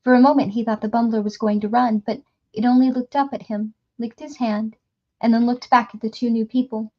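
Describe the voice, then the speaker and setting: A woman reading a novel aloud in a steady storytelling manner, with small slips and restarts. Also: on the high side, fairly quick, lo-fi sound. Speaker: audiobook reader. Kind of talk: reading a novel aloud, voicing characters lightly.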